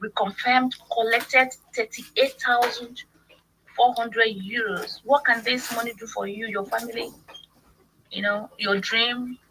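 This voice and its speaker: A woman, a guest on a livestream interview, effusive and quick to laugh. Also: fairly high pitch, fairly even intonation, fairly bright tone, slight background noise, rough recording.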